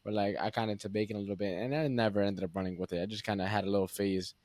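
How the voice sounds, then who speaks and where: Young man, podcast host, low voice, dry close sound, casual filler-heavy talk. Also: fairly even intonation, racing, a little mellow, no room sound. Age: young adult. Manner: loose, filler-heavy, says "like" often. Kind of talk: casual interview chat.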